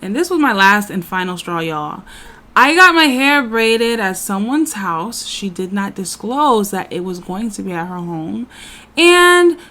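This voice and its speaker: A woman's voice: medium pitch, sing-song, measured pace, bright, forceful tone. A woman hosts a casual storytime to camera. Her tone is conversational, and she addresses her viewers as y'all. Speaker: channel host.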